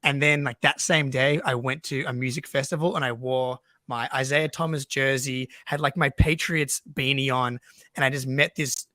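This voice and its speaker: A man co-hosting a sports podcast, telling stories in a rambling way full of 'like' and quick laughs. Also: mid-range voice, steady tone, bright, forceful tone, dry recording. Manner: rambling storyteller, lots of 'like', laughs easily. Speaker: podcast co-host. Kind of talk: casual podcast chat.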